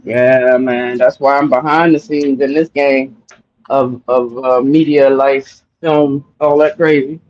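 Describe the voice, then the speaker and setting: A man co-hosting a podcast in casual chat, expressive and quick to laugh. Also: mid-range voice. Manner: expressive, laughs often, drawling asides. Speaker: podcast co-host. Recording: dull lo-fi audio.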